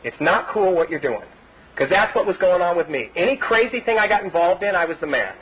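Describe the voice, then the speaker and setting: High-voiced man rambling through his story. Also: lively intonation, fairly quick, breathy edge. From Southern California. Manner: rambling storyteller, many "you know" fillers, laughs through his own stories. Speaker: recovery meeting speaker. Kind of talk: personal testimony talk. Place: meeting hall. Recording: dull lo-fi tape recording.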